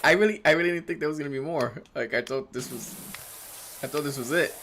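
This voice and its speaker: A man's voice: fast, noisy background. A man in his thirties chatting casually on a live game stream, rambling, laughing often, answering chat. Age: 30s. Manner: animated, jumps in pitch when excited. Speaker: livestreamer playing a game.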